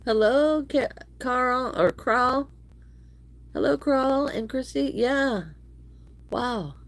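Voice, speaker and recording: A woman's voice: sits high, very slow. A middle-aged woman, chatting casually with viewers while she crochets, a little wheezy from allergies. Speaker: crochet livestream host. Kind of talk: casual livestream chat.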